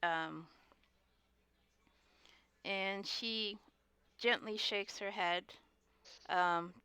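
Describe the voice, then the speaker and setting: A woman's voice: mid-range voice, extremely slow, pushed and bright, clear, resonant tone, dry recording. A woman playing her character in a tabletop game, hesitant and full of fillers. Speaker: player.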